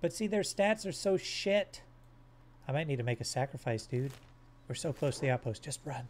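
A man's voice: mid-range voice, expressive, moderate pace. A man streaming a game live, joking crudely and swearing as he plays. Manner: hums silly sound effects. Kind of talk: live gameplay commentary.

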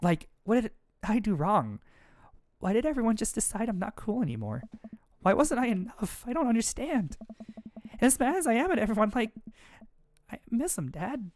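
A streamer voicing an upset teenage girl in a dating game, venting in fast, gossipy bursts. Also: sits high, big pitch swings, a little mellow, no echo, pitched above the performer's own voice. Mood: hurt. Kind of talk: let's-play dialogue reading.

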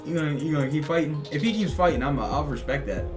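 A young gaming YouTuber with a fairly high voice talks quickly over music, giving slangy, casual commentary on his own football video game match. He addresses both his opponent and his viewers.

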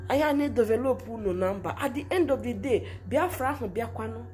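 Faint music plays behind a woman whose fairly high, slightly mellow voice moves fast and animated. She's a commentator with a Nigerian Igbo accent, giving an earnest, lamenting monologue in Igbo and English packed with rhetorical questions.

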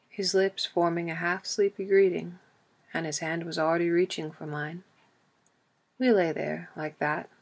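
Low-voiced woman reading a novel. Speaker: audiobook reader. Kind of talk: scripted narration of a novel.

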